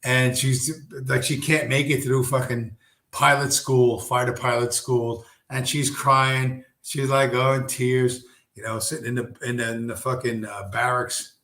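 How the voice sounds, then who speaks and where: A man hosting a stream, telling a long, rambling story with heavy profanity and many fillers. His pitch sits in a middle range. The voice echoes around a roomy space. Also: level tone, a little slow, a bit bright. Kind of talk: casual rambling monologue. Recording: roomy echo.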